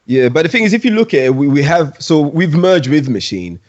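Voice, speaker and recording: A man's voice: on the high side, sing-song, a little fast. A man hosting a podcast in casual conversation, earnest and repeating words as he builds his point. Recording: dull lo-fi audio.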